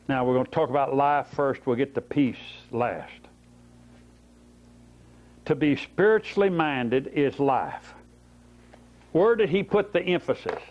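A man preaching a Bible-study sermon, telling folksy stories and asking rhetorical questions. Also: on the high side. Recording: dull lo-fi tape recording.

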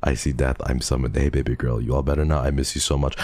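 A man with an extremely low voice chats with his stream audience, stuffy and sniffling from a cold. He is playful and teasing and laughs often. The sound is close and dry, with no room around it. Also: steady tone, quick pace, gravelly, a little mellow, no room sound. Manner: playful, teasing, laughs often, mixes in Tagalog and Korean endearments. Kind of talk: casual chat with chat readers.

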